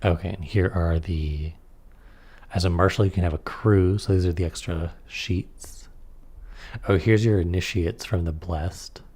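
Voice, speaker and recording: A man's voice: deep voice, fairly even intonation, a little slow, a little mellow, breathy edge. A man reading aloud through a tabletop game rulebook and adding casual comments on the rules. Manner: reads rules aloud, then comments offhandedly.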